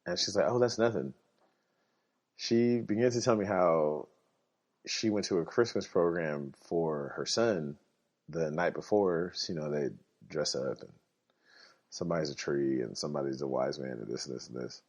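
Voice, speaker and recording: In a dull lo-fi recording, a man with a bass voice and a slightly mellow tone hosts a podcast at a moderate pace. Sick and coughing, he wanders through profane anecdotes in a loose monologue and laughs a lot.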